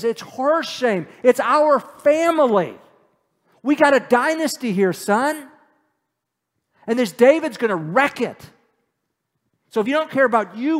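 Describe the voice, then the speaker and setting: A man voicing a furious older king who berates his son loudly, hammering and stretching each point. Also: very high-pitched, long reverb tail, voice pushed up. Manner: loud, hammering, drawn-out emphasis.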